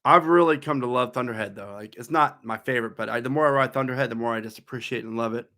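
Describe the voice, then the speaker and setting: On a live stream, a coaster YouTuber in his thirties reads out questions from viewers and rambles through his replies in a relaxed, talkative manner. His mid-range voice moves at a quick pace with a bright, forceful tone.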